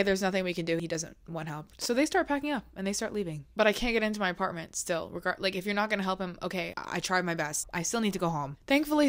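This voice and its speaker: A young woman telling a personal story in a casual vlog into a desk microphone, animated and acting out quotes as she goes. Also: on the low side. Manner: animated, acts out quotes with laughs. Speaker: vlogger.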